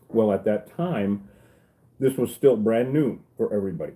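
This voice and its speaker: A man's voice: fairly low pitch, lively intonation, normal speed, dark tone, low-quality recording. A middle-aged man, a beekeeper, telling stories in casual chat, rambling and cracking jokes with salty asides. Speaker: beekeeper and channel host.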